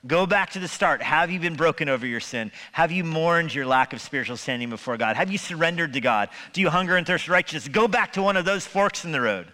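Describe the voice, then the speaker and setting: Guy preaching sunday sermon, chatty jokey, asks the room questions, bright tone, big echoey church. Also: a little high, expressive, fast talker, few pauses. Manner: conversational preaching with humor and rhetorical questions. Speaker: pastor. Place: church sanctuary. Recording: long hall reverb.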